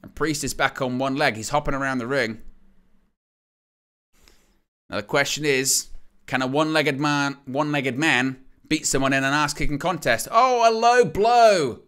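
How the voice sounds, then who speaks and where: Guy doing live wrestling play-by-play, bright voice, jokey and excitable. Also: mid-range voice, normal speed, pauses often, clear, resonant tone. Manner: joking, excitable play-by-play with laughs. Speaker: watch-along host. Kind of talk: live wrestling watch-along commentary.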